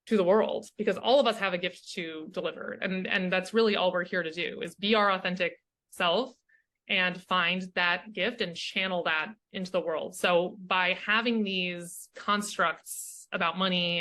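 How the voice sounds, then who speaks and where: Woman guest, coach type, crisp bright tone, earnest and reflective delivery with frequent check-ins. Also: on the low side. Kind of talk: casual interview chat.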